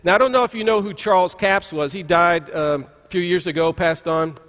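A high-pitched man preaching from the pulpit of a church. He speaks in a loose, folksy way, often restarting his sentences with an "uh." His voice rings with the long reverb of a large sanctuary. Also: fairly quick, a bit bright. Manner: folksy storytelling with frequent "uh" restarts. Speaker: pastor. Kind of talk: conversational sermon.

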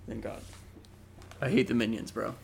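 A man's voice: on the low side, normal speed, vocal fry, darkish tone, husky. A young man co-hosting a casual podcast, joking around and often slipping into impressions. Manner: joking, slips into impressions and silly voices. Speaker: podcast co-host. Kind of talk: casual chat.

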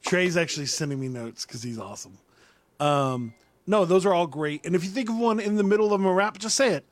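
A man with a slightly high voice hosts a casual podcast chat. He rambles in an easygoing way, often restarting a sentence partway through. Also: animated, brisk, no echo. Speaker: podcast host.

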